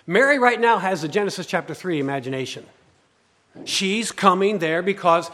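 Male pastor, sermon, loud-to-hushed swings, somewhat high voice, long hall reverb. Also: lively intonation, moderate pace. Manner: preaching with swings from loud urgency to quiet hush.

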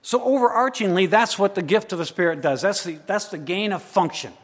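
A man preaching a sermon as pastor, swinging between loud emphatic declarations and quiet, intimate asides. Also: high-pitched, fairly quick. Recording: long hall reverb.

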